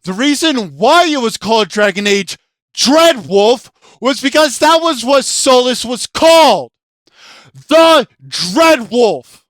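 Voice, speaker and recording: A video game commentator in an angry, profane rant, yelling often, with a throat sore from shouting. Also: medium pitch, animated, takes it slowly, dry recording, studio quality.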